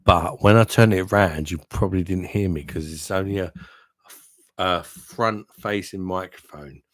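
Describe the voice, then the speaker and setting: A man's voice: low-pitched, measured pace. A man hosting a casual beer livestream, bantering and reading out viewer comments from his room at home. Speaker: beer review livestream host.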